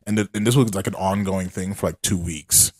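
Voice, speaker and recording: A man's voice: low voice, fairly even intonation, brisk, dry recording, studio quality. A young man co-hosting a podcast, chatting casually and telling stories in a laid-back way. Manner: laid-back, storytelling with acted quotes. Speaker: podcast co-host. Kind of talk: casual chat.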